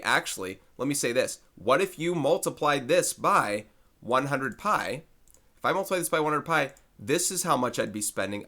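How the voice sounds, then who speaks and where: Bright-toned man talking through a math problem. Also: medium pitch. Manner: thinks aloud, self-correcting, conversational. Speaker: math teacher. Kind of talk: recorded video lesson.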